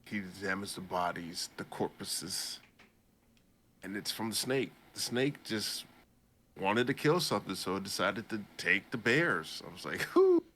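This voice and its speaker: Gravelly-voiced man recapping a story. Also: on the low side, expressive, measured pace, bright, forceful tone, a little hiss or hum. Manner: rambling, laughs while he tells it. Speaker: podcast host. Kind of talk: casual chat recapping a story.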